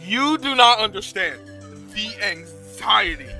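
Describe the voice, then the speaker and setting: A young man streams a retro game and chats casually with his viewers. His voice sits high and sounds very bright, and he repeats himself when he gets anxious. Faint music plays underneath. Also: animated, slow. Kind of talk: casual live-stream chat.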